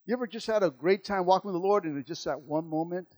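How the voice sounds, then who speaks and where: A man preaching a sermon as pastor, impassioned, dropping soft and then building loud, often repeating words. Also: sits high, quick pace, rough recording. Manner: repeats words and restarts phrases.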